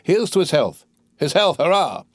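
A man voicing a drunken, garrulous male tailor who slurs and toasts loudly, in a storybook reading. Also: mid-range voice, expressive, moderate pace, no echo, clean studio sound, lightly acted. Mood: drunken insistence.

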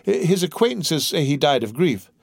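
A man voicing an eager, blunt innkeeper who talks in an anxious, hurried way. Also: a little high, very animated, vocal fry, slightly rough, no echo, clean studio sound, voice pushed up, full character voice. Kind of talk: audiobook character reading.

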